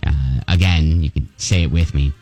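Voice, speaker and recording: A man's voice: very deep voice, steady tone, moderate pace, darkish tone, no echo, faint music behind, pitched below the performer's own voice. A man playing a smug fake male French teacher in a radio prank call, bluffing and stammering with mock confidence. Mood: mock serious.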